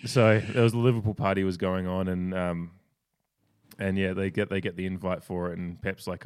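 Speaking at a moderate pace, a casual sports podcast co-host tells animated, meandering stories, often restarting sentences midway. His voice is notably deep, clear, and resonant.

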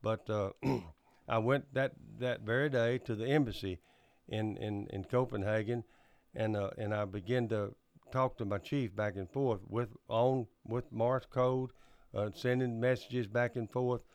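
An older man, recounting his past in an oral history interview, halting often with fillers and restarts and clearing his throat. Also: mid-range voice, steady tone, darkish tone. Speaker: interviewee recounting Cold War service.

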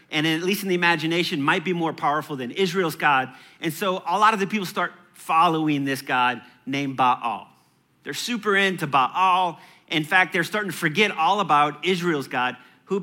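A man's voice: fairly high pitch, bright, forceful tone. A man in his thirties preaching a sermon in a church, conversational and playful, with chatty asides. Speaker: pastor.

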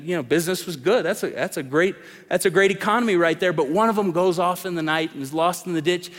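A middle-aged man preaching a sermon as a pastor, swinging between loud calls and hushed lines. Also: sits high. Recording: long reverb of a large hall.

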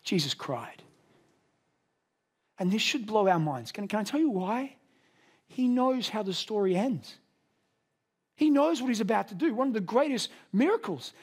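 A man preaching a sermon in an earnest, conversational way, raising his voice to a shout for emphasis. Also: high-pitched, very animated, moderate pace, long pauses, slightly rough. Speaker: pastor.

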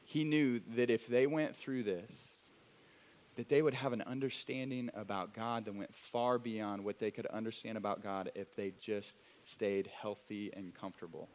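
A young man preaching a sermon to a congregation in a church, animated and conversational, with frequent restarts and acted asides. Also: fairly low pitch, moderate pace. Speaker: pastor.

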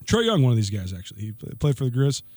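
A man co-hosting a radio talk show, telling a lively anecdote in a casual way. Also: medium pitch, very fast, dry recording, clean studio sound. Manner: laughing, lively anecdote telling with quoted voices. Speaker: radio co-host. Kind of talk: casual storytelling chat. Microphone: studio microphone.

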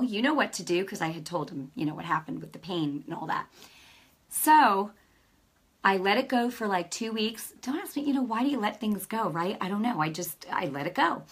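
A middle-aged woman giving an emotional testimony, her storytelling swinging from hushed near-whispers to loud, fervent declarations. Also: mid-range voice, breathy edge. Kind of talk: testimony sermon.

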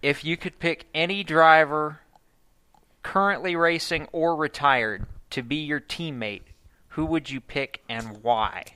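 A man's voice: a little high, unhurried, sharp tone, clear, resonant tone. A man co-hosting a radio talk show, teasing the guests with dry jokes. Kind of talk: casual studio banter.

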